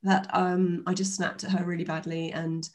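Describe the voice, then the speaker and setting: A woman in her fifties, a guest telling her story in a relaxed interview, animated and full of fillers. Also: on the low side, normal speed. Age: 50s. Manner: chatty, animated retelling with filler words.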